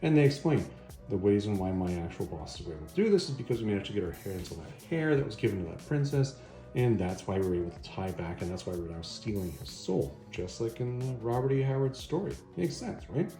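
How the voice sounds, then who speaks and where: Male comic reviewer, low and warm, casual retelling with quick character asides; roomy echo, faint music underneath. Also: big pitch swings. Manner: chatty, acts out quoted dialogue in passing. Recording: echoey room, faint background music.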